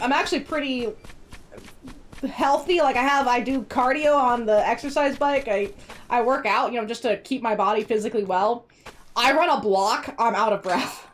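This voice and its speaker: Chatty woman streamer with a higher voice. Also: expressive, normal speed. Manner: rambling, chatty, laughs often. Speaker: game streamer. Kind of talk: casual chat while gaming.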